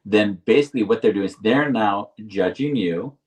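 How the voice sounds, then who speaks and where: Low-voiced man talking from slightly off-mic. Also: recorded from a distance, low-quality recording. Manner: deliberate, restarts phrases, slows for emphasis. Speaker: podcast co-host. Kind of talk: reflective conversational explaining.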